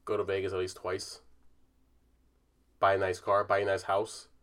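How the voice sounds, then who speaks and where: A man's voice: deep voice, completely flat delivery, moderate pace, a bit bright, clear, resonant tone. A young man co-hosting a casual podcast, laid-back and swearing freely. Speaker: podcast co-host.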